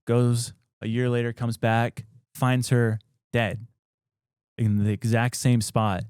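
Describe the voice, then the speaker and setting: A man's voice: mid-range voice, little pitch movement, slow pace, darkish tone, clear, resonant tone, dry recording, clean studio sound. A man hosting a podcast, retelling an old story in a loose, rambling way full of fillers. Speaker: podcast host. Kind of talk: casual storytelling.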